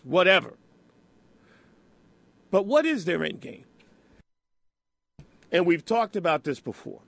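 A man hosting a political radio talk show in a studio, talking in an animated, rhetorical, conversational way. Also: high voice, vocal fry, no room sound.

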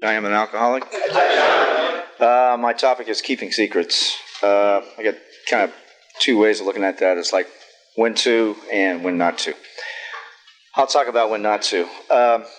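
A man's voice: lowish voice, steady tone, moderate pace, pauses often, fairly bright tone, slight background noise, poor audio. A middle-aged man speaking at a recovery meeting, telling a personal story in a plain-spoken, candid way with frequent fillers and self-deprecating humor. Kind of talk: personal sharing talk.

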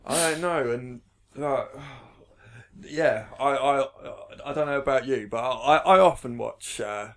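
A man, co-hosting a podcast in casual chat, animated and swearing, with lots of stammered restarts. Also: mid-range voice, takes it slowly. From England. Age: 30s. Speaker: podcast co-host.

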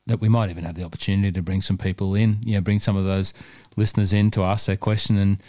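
A man's voice: on the low side, flat delivery, fast talker, warm tone, dry recording. A man hosting a podcast, talking in a jokey, wordy, casual way. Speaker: podcast host.

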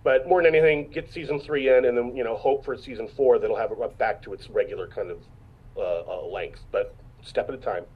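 A man's voice: mid-range voice, brisk, breathy edge, highs cut off. A man in his fifties, an actor guest in a casual interview, telling stories and acting out what people said, with many restarts. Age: 50s. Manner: storytelling, acts out quotes, frequent restarts.

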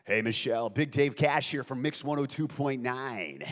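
A man putting on the voice of a slick, hyped-up male radio DJ running a call-in prize game, with a loud, showy announcer delivery. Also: mid-range voice, normal speed, natural voice. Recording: long hall reverb.

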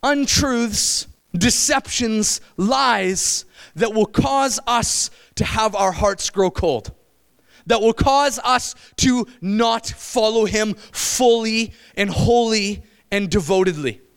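A man preaching a sermon to his church, animated and conversational, slipping into quick quoted voices. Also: high voice, vocal fry, smooth.

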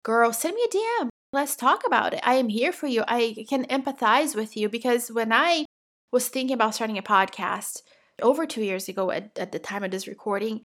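A woman's voice: a little high, brisk, a bit bright. A woman with an accent hosting a podcast, talking in an encouraging, empathetic and emphatic way in a motivational monologue. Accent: non-native English accent. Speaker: podcast host.

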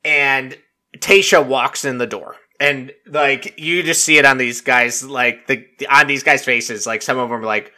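A man's voice: medium pitch, steady tone, measured pace, pushed and bright. A man chatting casually and rambling through a TV recap, packing his talk with fillers and swearing freely. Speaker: reality TV recap vlogger. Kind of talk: casual chat.

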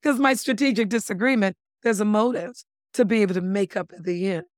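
A woman's voice: medium pitch, a little fast, no room sound. Emphatic woman explaining, dry close sound. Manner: animated, emphatic, playful wordplay; calls listeners "my lovelies". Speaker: body language expert guest. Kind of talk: casual interview chat.

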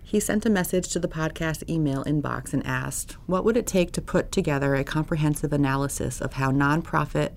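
A woman co-hosting a union podcast, thanking the guest and reading out a listener's question in a measured way. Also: deep voice, gravelly, slight background noise. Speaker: podcast co-host.

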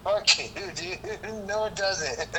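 A podcast guest who talks in a laid-back way, swearing and calling the others dude. He is a man with a slightly raised pitch and a bright, clear tone. A faint noise runs beneath the recording. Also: poor audio. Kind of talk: casual podcast chat.

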